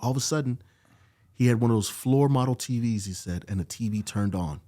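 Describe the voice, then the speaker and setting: A man's voice: medium pitch, fairly quick, dark tone. A middle-aged man, a podcast guest, telling a personal story in casual conversation and acting out the dialogue he quotes. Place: podcast studio.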